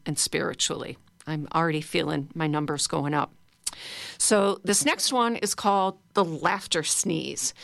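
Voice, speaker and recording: A middle-aged woman leads a guided laughter class, playful and encouraging as she chants along. Her voice sits a little low. The sound is close and dry, with no room echo. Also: creaky, a bit bright. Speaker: laughter yoga instructor.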